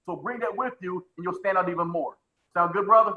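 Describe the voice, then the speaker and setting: A man's voice: high-pitched, fairly quick, phone-quality sound. A man coaching a live webinar on sales presentations, who talks with energy, repeats his phrases and calls on attendees by name.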